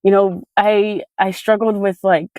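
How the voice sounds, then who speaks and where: A woman in her twenties from California, a guest speaker giving an emotional personal testimony, halting and tearful, with many fillers. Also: medium pitch, little pitch movement, dark tone, no echo. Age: 20s. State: crying.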